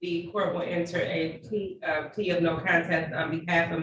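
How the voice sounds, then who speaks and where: A woman's voice: fairly low pitch, little pitch movement, a bit bright, highs cut off. Woman judge on a roomy, distant call. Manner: measured, procedural, polite. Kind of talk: court proceedings over video call. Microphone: video call. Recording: echoey, distant, faint noise.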